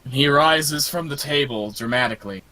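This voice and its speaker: A man narrating as game master in a tabletop game, animated and laughing often. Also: mid-range voice, normal speed, dry recording.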